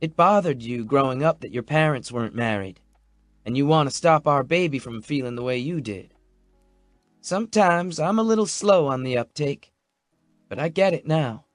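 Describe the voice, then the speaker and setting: A man voicing an anxious, emotional young pregnant woman in an audiobook, her voice soft and wobbly. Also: on the high side, lively intonation, moderate pace, no echo, soft background music, pitched above the performer's own voice, lightly acted. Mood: remorseful. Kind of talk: audiobook character voice.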